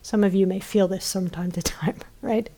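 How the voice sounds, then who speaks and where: A woman meditation teacher giving a gentle dharma talk, often checking in with listeners and trailing off softly. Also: medium pitch, fairly even intonation, normal speed. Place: retreat center.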